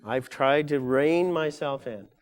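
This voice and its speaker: A man's voice: fairly high pitch, slow pace. An older man giving a live lecture to an audience, rambling along with frequent fillers and self-corrections.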